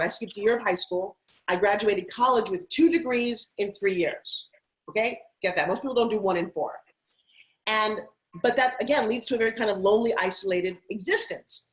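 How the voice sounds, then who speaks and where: A woman's voice: medium pitch, rough recording. Upbeat woman from Long Island. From Long Island, New York. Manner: energetic, effusive storyteller. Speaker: guest, TV host and fitness spokesperson. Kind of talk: interview conversation.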